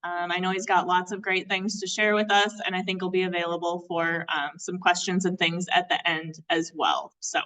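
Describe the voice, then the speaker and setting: A woman's voice: on the low side, flat delivery, moderate pace, few pauses, a bit bright, far from the mic, rough recording. A woman introducing a keynote speaker at a meeting, in a friendly way with many fillers. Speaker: event organizer introducing the speaker. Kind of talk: event introduction. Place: meeting hall.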